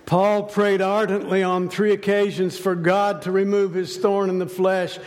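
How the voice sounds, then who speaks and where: A man's voice: high-pitched, flat delivery, unhurried. A man preaching a sermon, telling a story dramatically and asking rhetorical questions. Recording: long hall reverb.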